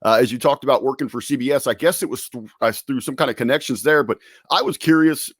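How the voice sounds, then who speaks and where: A man's voice: mid-range voice, fast, fairly bright tone, husky, dry recording, studio quality. A young man with a resonant radio voice, asking long, polite questions as a panel questioner.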